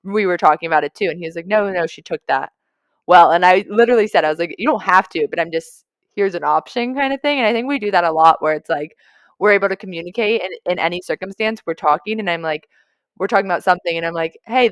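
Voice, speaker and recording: A woman's voice: on the low side, lively intonation, quick pace, dry recording, studio quality. A young woman co-hosting a podcast, reflecting in long, run-on thoughts during a casual chat. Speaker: podcast co-host.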